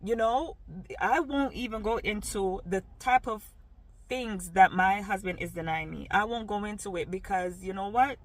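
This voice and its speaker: A woman's voice: mid-range voice, normal speed. Frank woman vlogging with a Jamaican lilt. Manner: frank and emphatic, with many "you know" fillers. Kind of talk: candid personal vlog.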